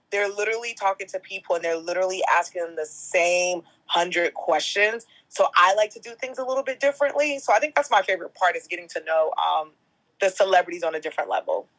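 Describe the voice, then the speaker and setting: A woman in her thirties, a guest on a podcast, telling stories in a lively, casual way and swearing now and then. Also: on the low side, poor audio. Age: 30s. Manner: animated storyteller, swears casually. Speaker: guest, entertainment host.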